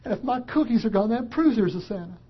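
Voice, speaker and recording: A man's voice: sits high, lively intonation, quick pace, slightly rough, muffled recording, voice pushed up. A man putting on little Billy, an eager small boy. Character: small excited boy Billy, about four.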